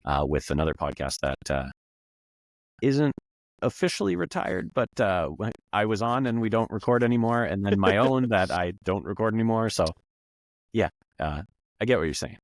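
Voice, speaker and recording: A man's voice: lowish voice, animated, moderate pace, no echo. A man co-hosting a podcast, chatting casually and rambling with many fillers. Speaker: podcast co-host. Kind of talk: casual chat.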